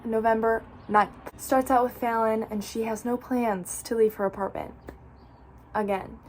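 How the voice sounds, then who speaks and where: A young woman with a medium-pitched voice recaps a novel for her channel as a book vlogger. She's chatty and fills her speech with "like," and there's slight background noise.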